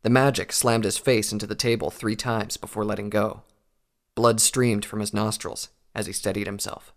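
Gravelly male audiobook narrator. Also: on the low side, level tone, moderate pace. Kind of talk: audiobook reading of fan fiction.

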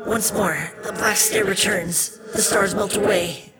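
A man's voice: sits high, steady tone, measured pace, echoey room, loud music behind the voice, pitched above the performer's own voice. Man doing an eerie possessed foal spirit. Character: possessed unicorn foal speaking with many spirit voices.

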